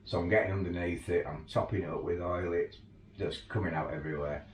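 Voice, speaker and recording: A man's voice: low-pitched, steady tone, brisk. A man who works as an overland tour guide, casually telling stories and laughing through them. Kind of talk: casual anecdotal storytelling. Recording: roomy, distant mic, faint ambience.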